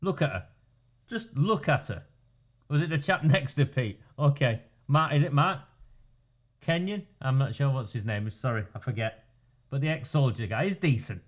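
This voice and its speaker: A man's voice: medium pitch, expressive, normal speed. A man, commenting indignantly over footage of a council meeting. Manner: indignant, repeatedly calling out names. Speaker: political commentator.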